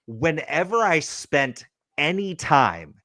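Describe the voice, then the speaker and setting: Animated, profane storytelling man. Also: on the high side, slow pace, no echo. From California. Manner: animated, profane, acts out quotes. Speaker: podcast host. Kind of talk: comic storytelling.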